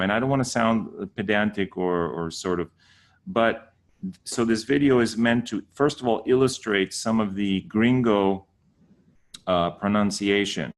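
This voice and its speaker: Playful, teasing man teaching Sanskrit. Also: lowish voice. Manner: playful, teasing, mock-exasperated. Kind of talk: casual spoken tutorial.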